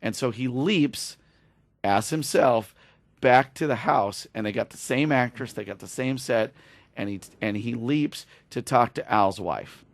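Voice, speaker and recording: A man's voice: medium pitch, unhurried, no room sound. A man on a podcast retelling a TV episode in casual chat, acting out the dialogue and getting emotional. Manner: animated storyteller, acts out dialogue, gets emotional. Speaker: podcast host.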